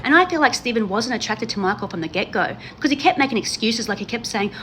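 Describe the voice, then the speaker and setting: A woman's voice: on the high side, animated, fast, over music. A woman chatting casually to her viewers about a reality show, gushing and emphatic, repeating herself for effect. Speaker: reality TV commentary host. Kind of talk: casual chat to camera.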